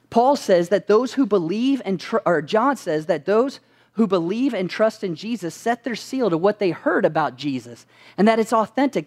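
A man preaching a sermon as pastor, asking his listeners rhetorical questions and answering them with emphasis. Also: sits high.

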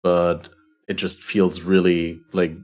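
Low-pitched male gamer, thoughtful, measured. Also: level tone, a little mellow. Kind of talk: casual gaming chat.

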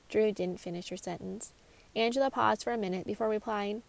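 A woman reading her own short mystery story aloud, in a measured, expressive narration. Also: medium pitch, gravelly.

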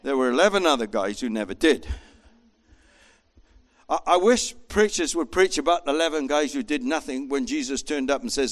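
A man preaching a sermon with an animated manner, acting out voices as he tells the story. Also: medium pitch, a little fast. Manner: animated, acts out voices in quotes.

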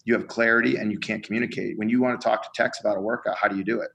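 A man with a gravelly, fried edge to his fairly low voice, talking as a college strength coach on a podcast. He explains earnestly and slips into acted-out examples of what athletes and coaches say. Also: steady tone, very fast, fairly bright tone, highs cut off. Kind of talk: casual podcast conversation.

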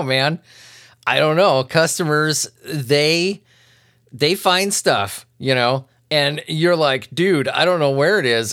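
A man's voice: on the high side, fairly bright tone. A man hosting a comedy podcast, reading weird news with crude, sarcastic commentary and frequent laughter. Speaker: podcast host.

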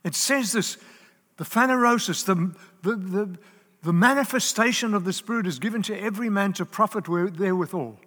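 A man with a slightly high voice preaches earnestly from the front of a church. He presses his points with lists and repeated words, and his voice rings with the long echo of a large hall. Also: brisk, pushed and bright. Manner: earnest, emphatic, with lists and repetitions. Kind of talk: sermon. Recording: live in a large reverberant hall.

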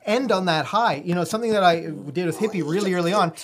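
A live-stream host reading out chat messages and thanking viewers, talking in halting starts with many fillers. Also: medium pitch.

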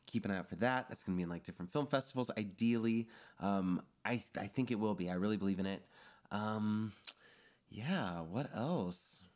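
A man talking as a guest on a podcast, loose and chatty, with a slightly low-pitched voice. He strings his thoughts together with a constant "like". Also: normal speed, a little mellow. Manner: chatty, fills speech with "like". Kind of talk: casual chat.

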